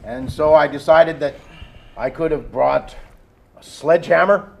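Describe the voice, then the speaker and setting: A man's voice: a little high, a little slow, gravelly. A man playing a jolly old Santa Claus on a local talk show, courtly and teasing as he hands out gifts. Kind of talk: casual chat in costume.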